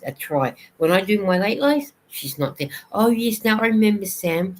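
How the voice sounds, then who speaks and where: Aussie lady doing a casual live stream, reading out chat comments n answering, medium pitch. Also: expressive, normal speed, hardly any pauses, a little hiss or hum, poor audio. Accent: Australian. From Australia. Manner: chatty, reads viewer comments aloud and answers them.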